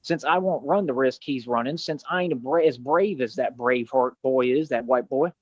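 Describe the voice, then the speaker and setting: A man's voice: medium pitch, normal speed, dry recording. A man lecturing his viewers in a rambling monologue, repeating himself and throwing out rhetorical questions. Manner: preachy, repetitive, rhetorical questions. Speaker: streamer in a played clip. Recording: dull lo-fi clip audio.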